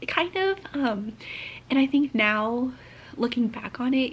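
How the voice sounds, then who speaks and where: A young woman chats excitedly about her current read, her voice set a little high. She gushes and often slips into soft, half-whispered asides. A faint hiss of room noise sits underneath. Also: unhurried, poor audio. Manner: gushing, chatty, drops to half-whispered asides. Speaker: book vlogger. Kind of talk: casual reading-vlog chat.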